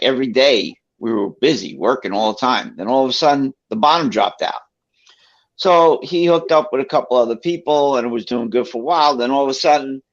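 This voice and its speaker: Middle-aged new guy rambling thru his story, gravelly voice, kinda dull lo-fi sound. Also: mid-range voice. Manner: rambling, many fillers and restarts, acts out quotes. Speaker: commentator telling his story. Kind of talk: casual personal storytelling. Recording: dull lo-fi recording.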